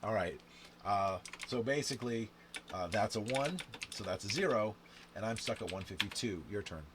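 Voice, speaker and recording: A lower-voiced man tallies dice points out loud and talks straight to the viewer, his pitch swinging widely as he breaks into sudden shouts. Clicking and typing sounds sit under a clear, steady noise floor. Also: moderate pace. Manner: counts scores aloud and talks to the viewer, with sudden loud outbursts. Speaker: game instructor. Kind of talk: playing and explaining a dice game to camera.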